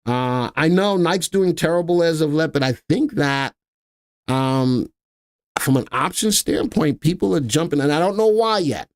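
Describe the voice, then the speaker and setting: A man hosting a live stock market analysis stream, chatty and thinking aloud, spelling out ticker letters slowly. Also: on the high side, animated, no echo, studio quality. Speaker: stock market show host.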